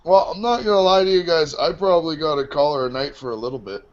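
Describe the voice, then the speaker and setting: A man co-hosting a casual talk show, chatty and quick to laugh. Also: a little high. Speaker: co-host. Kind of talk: casual chat. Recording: dull lo-fi sound.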